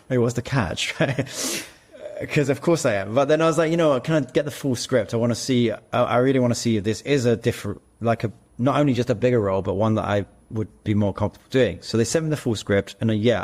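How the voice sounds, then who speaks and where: Guy on a podcast, medium pitch, earnest, rambles through long stories. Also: darkish tone. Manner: earnest storyteller, talks in long run-on explanations. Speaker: guest, co-founder of an audition platform. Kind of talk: casual podcast conversation.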